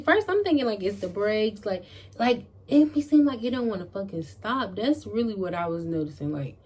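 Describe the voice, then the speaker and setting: A woman vlogger in her bedroom telling a casual storytime to camera, animated and peppered with "like" and swearing. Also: medium pitch, slightly rough. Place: bedroom at home.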